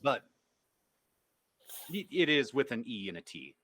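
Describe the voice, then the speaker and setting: A man's voice: medium pitch, sing-song, measured pace, fairly bright tone, husky. A man acting as game master, narrating in character and playfully stumbling over his words.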